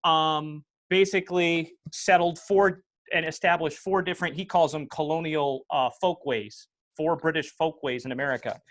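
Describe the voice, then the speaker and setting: This is a man with a slightly high voice and an upstate New York accent, talking casually as a podcast host. He tells stories and explains history in a teacherly way, speaking into a lapel mic on a video call from home. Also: steady tone, moderate pace, a bit bright. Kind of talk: casual chat.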